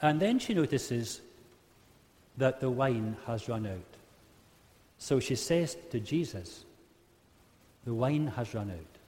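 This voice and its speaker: Speaking slowly in a sing-song, slightly mellow mid-range voice with long pauses, a man delivers a humorous sermon to a live group. He tells a Bible story, voicing its quotes in different characters, and the recording carries long hall reverb.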